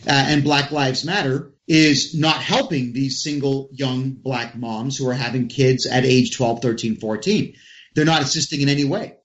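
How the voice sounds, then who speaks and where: A man's voice: medium pitch, normal speed. Emphatic ranting man on a dull lo-fi mic. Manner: emphatic, ranting, addresses listeners directly. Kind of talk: casual political talk.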